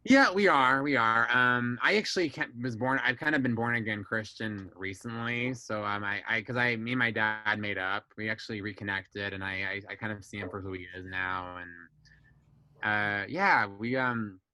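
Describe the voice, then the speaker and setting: A young man chats on a podcast in a bright, forward tone, recorded dry and close. He tells family stories candidly, swears freely and acts out his relatives' lines in a raised voice. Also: on the low side, normal speed, dry recording, rough recording. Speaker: guest. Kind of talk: casual podcast chat.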